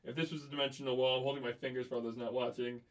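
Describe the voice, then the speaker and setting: A man co-hosting a podcast, riffing with deadpan, crude, absurd humor in casual banter. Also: mid-range voice, rapid-fire, over a noisy crowd. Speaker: podcast co-host.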